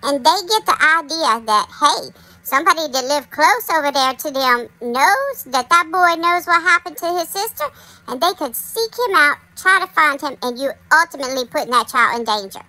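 Chatty high-voiced woman host. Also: animated, normal speed, sharp tone, no room sound, low-quality recording. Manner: chatty, talks straight to viewers. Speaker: commentary channel host. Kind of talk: casual commentary monologue.

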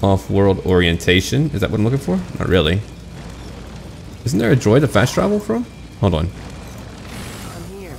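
A man's voice: lowish voice, very animated, fairly quick, gravelly, long pauses, slight background noise. A man casually commenting on his online role-playing game, chatty and self-mocking about getting lost. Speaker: gaming channel host.

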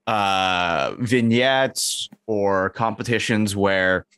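A man with a fairly low voice rambles through goofy ideas on a casual podcast, full of ums and restarts. His sound is dry and close to the mic, with no room around it. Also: drawn-out words, fairly bright tone, clear, resonant tone, no room sound. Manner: rambling, many fillers, acts out quoted lines in a raised voice. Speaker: podcast co-host. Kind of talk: casual comedic chat.

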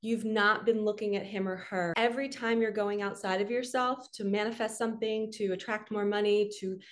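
A woman's voice: medium pitch, steady tone, normal speed. A woman spiritual coach giving an earnest, emotional guided healing talk straight to her viewers.

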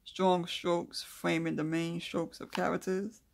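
A craft video host with a gravelly, slightly rough, mid-range voice runs a relaxed calligraphy tutorial. They read from notes first, then slip into loose, chatty asides and quiet mumbling while drawing letters, keeping an unhurried, homespun delivery throughout.

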